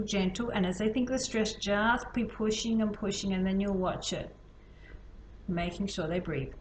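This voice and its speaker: A woman instructor talks students through a hands-on technique in a loose, chatty way. She demonstrates as she goes. The room is echoey, with a faint background hum. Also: medium pitch. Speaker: healing instructor. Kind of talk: casual teaching demonstration.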